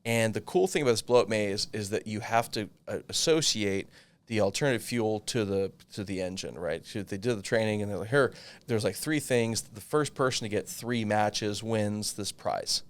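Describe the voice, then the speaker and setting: A man in his thirties telling a long personal story in casual chat, animated and swearing freely. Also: fairly low pitch, moderate pace, clean tone. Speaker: podcast co-host.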